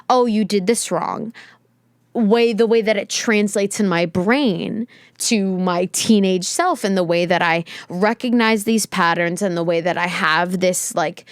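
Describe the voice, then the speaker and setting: A woman's voice: mid-range voice, clear, resonant tone, dry recording, clean studio sound. A young woman hosting a podcast, talking candidly and emotionally in a rambling, reflective way with many fillers. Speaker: podcast host. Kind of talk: candid solo talk.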